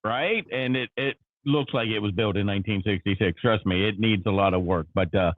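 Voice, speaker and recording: A man hosting a casual morning show, telling a story with animated energy and acting out his own frustration. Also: on the low side, a little fast, narrow, tinny audio. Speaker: show host.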